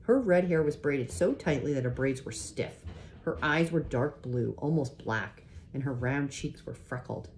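A woman reading a children's chapter book aloud in a gentle, unhurried way, pausing to show the pictures. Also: rumbling low, animated, a little hiss or hum. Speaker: reader.

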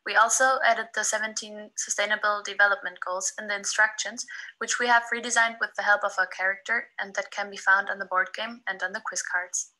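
Woman with a very bright, sharp voice. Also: mid-range voice, steady tone, a little fast, rough recording. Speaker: design student presenting a project. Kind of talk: scripted presentation narration.

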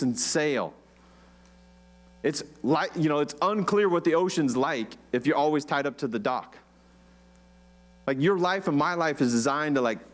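A man preaching a conversational sermon, asking the congregation questions. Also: on the high side. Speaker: pastor.

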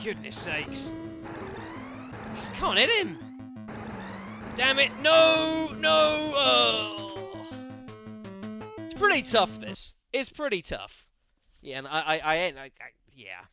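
A man commentating a video game, excitable and self-mocking, yelling at the enemies. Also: extremely high pitch, measured pace, creaky, pauses often. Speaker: let's play commentator. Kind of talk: gaming commentary. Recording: game music behind the voice.

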